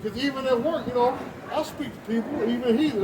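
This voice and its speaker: A man's voice: very high voice, big pitch swings, quick pace. A man preaching outdoors in a casual, conversational way, often asking if his listeners follow him. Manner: conversational, repeats "you know what I'm saying". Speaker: street preacher leading the group. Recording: distant mic, loud traffic noise.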